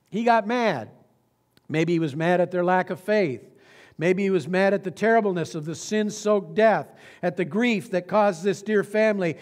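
Male pastor, higher register, earnest storytelling sermon in a church sanctuary. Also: darkish tone. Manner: earnest storytelling preacher, slows for emphasis.

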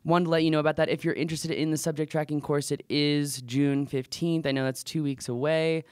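A man's voice: fairly high pitch, flat delivery, brisk, smooth, dry recording, studio quality. A man co-hosting a casual podcast, rambling a little with fillers as he talks. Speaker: podcast co-host.

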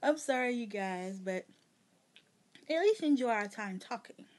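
A woman's voice: fairly high pitch, lively intonation, unhurried, a little mellow. A woman with a Chicago accent, ranting casually and indignantly to her viewers, rambling with fillers. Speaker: gaming vlogger. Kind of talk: casual venting rant.

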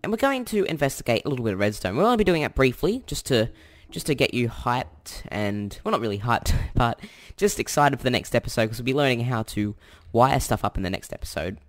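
Young Australian male tutor, animated pitch, chatty, self-correcting, casual screen-recording delivery. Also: fairly quick, few pauses. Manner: chatty and self-correcting, thinks aloud while typing. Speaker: tutorial host.

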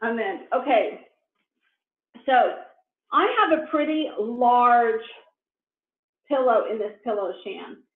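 A bright, higher-pitched middle-aged woman walks viewers through a quilting project with cheerful enthusiasm. The sound is thin and phone-like, and it rings around an echoey room. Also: animated, slow pace, long pauses. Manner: enthusiastic, shows pieces up to the camera. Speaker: quilting instructor. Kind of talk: casual craft tutorial.

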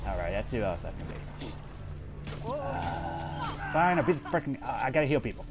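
A man giving excitable, swearing let's play commentary while gaming and talking to his teammates. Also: mid-range voice, normal speed. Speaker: gamer. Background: game music and sound effects.

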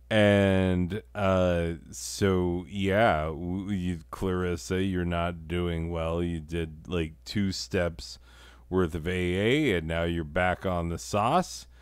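A man's voice: low voice, smooth, dry recording, studio quality. A man hosting a comedy show in a crude, profane, rambling monologue. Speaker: host.

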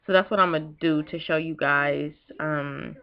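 Young woman vlogger, emotional and rambling, slightly low voice, muffled home-video sound. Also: fairly even intonation, moderate pace, clear, resonant tone. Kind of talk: casual vlog talk.

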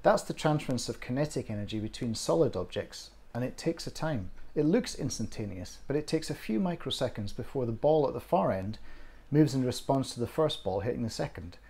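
A man's voice: mid-range voice, animated, fairly quick, mellow, slightly rough. A man voicing a proud scientist father who patiently explains things to his daughter in a storybook reading. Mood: explaining.

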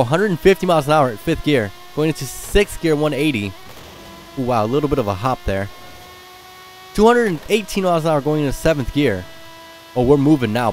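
A man giving excited, slangy gameplay commentary as a gaming YouTuber, calling out speeds as he drives. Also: mid-range voice, slight background noise.

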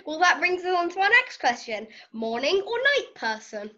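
High-voiced woman host, lo-fi sound. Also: big pitch swings, moderate pace, sharp tone. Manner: chatty, giggly, reads questions. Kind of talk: casual interview chat.

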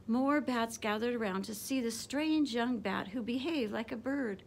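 A woman teacher reading a picture book aloud to children, expressive and animated. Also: a little high, unhurried, gravelly, hardly any pauses, a little hiss or hum.

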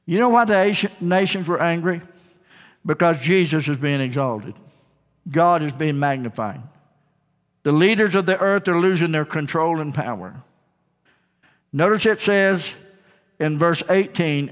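A man preaches from the pulpit in a high, ringing voice, driving home his points with repetition and calls to the congregation. His sermon carries the long reverb of a church sanctuary. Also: unhurried, pauses often. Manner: emphatic preaching with call-and-response, repeated phrases. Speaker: pastor.

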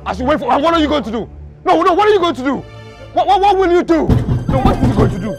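A man's voice: extremely high pitch, huge pitch swings, fast talker, music in the background, exaggerated voice. An actor playing an angry young man looking for his pregnant fiancée, who repeats himself in exasperated, mocking bursts. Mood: defiant. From Nigeria. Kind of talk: Nollywood film acting.

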